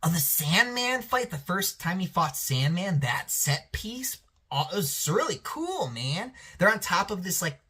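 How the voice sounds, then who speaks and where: A male reviewer chats loosely about a show, swearing freely and circling back with restarts and fillers. His voice is bright and edgy. His pitch rises and falls in lively swings. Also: husky. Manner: rambling, profane, lots of restarts and fillers. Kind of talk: casual review chat.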